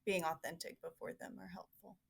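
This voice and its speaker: A woman's voice: fairly low pitch, fairly even intonation, a little fast, vocal fry, slightly rough. Thoughtful woman teacher, searching for words. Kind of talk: roundtable discussion.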